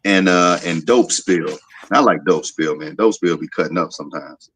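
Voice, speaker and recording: Low-voiced, joking man in casual chat. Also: normal speed, fairly bright tone, breathy edge, dry recording. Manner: easygoing, joking, slips into mock impressions. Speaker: podcast co-host.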